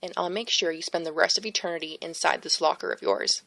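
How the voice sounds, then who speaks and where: A woman's voice: lowish voice, fairly even intonation, gravelly, fairly bright tone. A woman voicing a brash teenage girl heroine who speaks bluntly and sarcastically in an audiobook. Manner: blunt, sarcastic, quick to snap.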